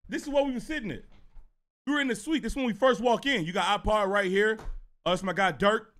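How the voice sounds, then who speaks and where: Dude streaming, telling a story to chat, kinda high and bright voice, cusses a lot. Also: male voice, fast talker. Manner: animated and profane, talks straight to viewers. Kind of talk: casual storytelling to a live chat.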